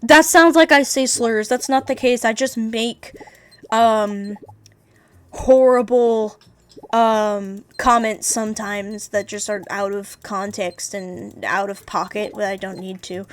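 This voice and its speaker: A woman's voice: mid-range voice, unhurried. A woman streaming games and chatting candidly, rambling and swearing freely. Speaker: VTuber streamer. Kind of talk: casual livestream chat.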